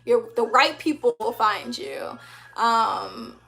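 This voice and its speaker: Young female streamer, high voice, animated and laughing, casual chat over soft background music. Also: slow, gravelly. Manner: animated and upbeat, laughs often, uses slang. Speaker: livestream host, animator. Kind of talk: casual livestream chat reading comments.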